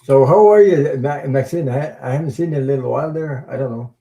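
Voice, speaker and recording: A man hosting a tarot livestream, chatting casually with viewers in a rambling, halting way, with many fillers and chuckles. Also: medium pitch, mellow, lo-fi sound. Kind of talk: casual livestream chat reading viewer comments.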